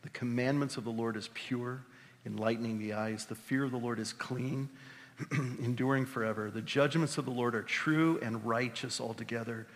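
Pastor guy preaching, chatty, gets excited, echoey hall sound. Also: medium pitch, moderate pace. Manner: conversational, animated, with exclamations. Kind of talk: sermon. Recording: reverberant hall.

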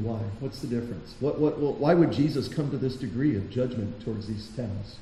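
Man preaching in a dark, roomy hall. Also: mid-range voice, lively intonation, normal speed. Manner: conversational preaching with rhetorical questions. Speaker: pastor. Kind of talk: sermon. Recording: roomy hall echo, faint noise.

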